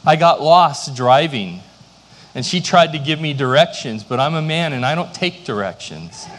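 A man's voice: a little high, expressive, normal speed, a bit bright, long reverb tail, a little hiss or hum. A middle-aged man, a pastor, preaching a sermon with storytelling and self-deprecating humor.

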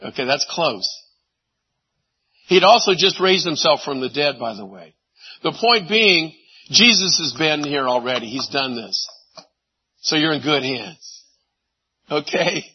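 A man preaching a sermon, animated, swinging from loud exclamations to hushed asides. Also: a little high, a little slow, pauses often, breathy edge, lo-fi sound. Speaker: pastor.

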